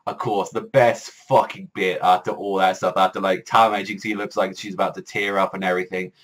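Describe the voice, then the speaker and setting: A man's voice: deep voice, little pitch movement, fairly quick, fairly bright tone. A man casually reviewing an anime episode, rambling and swearing a lot. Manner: rambling, heavy swearing, many "like" fillers.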